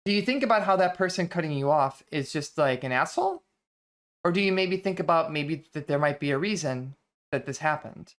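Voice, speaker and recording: Give me an adult streamer hosting a reading series, thoughtful and conversational, mid-pitched. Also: animated, brisk, a bit bright. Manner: thoughtful, conversational, with frequent restarts. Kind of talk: casual reflective lecture stream.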